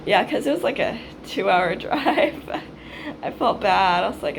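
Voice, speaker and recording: A woman in her twenties talks straight to her viewers in a loose, rambling storytime. Her voice sits a little high, she swears freely and slips into acting out her own past lines. A faint hiss of background noise runs under the recording. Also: big pitch swings, measured pace, creaky. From Hawaii. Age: 20s. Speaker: vlogger. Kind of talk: casual storytime monologue.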